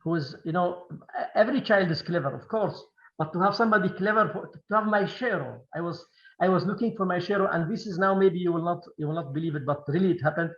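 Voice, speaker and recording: Halting non-native man, high-pitched, echoey. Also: lo-fi sound. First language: Kurdish. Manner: halting, many repeated words and restarts. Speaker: film director. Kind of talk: Q&A interview.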